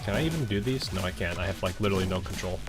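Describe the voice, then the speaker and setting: A man's voice: deep voice, animated, racing, loud music behind the voice. A man giving casual, rambling gameplay commentary, chatting and thinking aloud as he plays. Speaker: game streamer.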